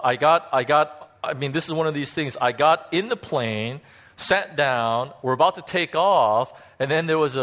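A man preaching in a relaxed storytelling way, full of fillers and restarts. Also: medium pitch. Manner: conversational, halting, many fillers and restarts. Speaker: pastor. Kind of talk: sermon storytelling.

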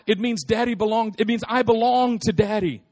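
A man preaching a lively, humorous sermon, repeating phrases for emphasis and calling out to his listeners. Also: high voice, normal speed. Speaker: pastor.

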